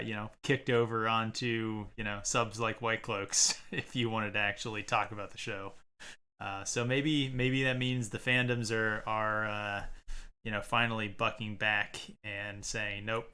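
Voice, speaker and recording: Guy cohosting a show recap, bright voice, laughs a lot, lots of uh and like. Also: on the low side, clean tone. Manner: laughs often, hesitant with many fillers. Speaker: podcast co-host. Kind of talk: casual chat recapping a TV episode.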